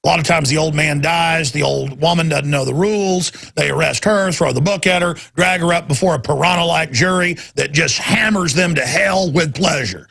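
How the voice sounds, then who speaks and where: Brief: male talk host, gravelly and forceful, sarcastic ranting monologue. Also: a little high, normal speed, hardly any pauses. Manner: angry, sarcastic and emphatic.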